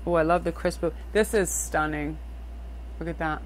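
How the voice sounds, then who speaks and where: A woman tarot reader gushes over her deck and talks straight to her viewers in a casual, admiring way. Her voice sits on the lower side for a woman. A faint hum of room ambience runs underneath. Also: steady tone, moderate pace. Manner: gushing, admiring, talks to viewers as "you guys".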